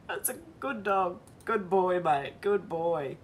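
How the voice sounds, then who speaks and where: An Australian woman hosting a casual livestream, chatting and reacting out loud. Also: lowish voice, slow pace, a little hiss or hum. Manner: chatty, reads comments aloud and reacts with laughs. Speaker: livestream host.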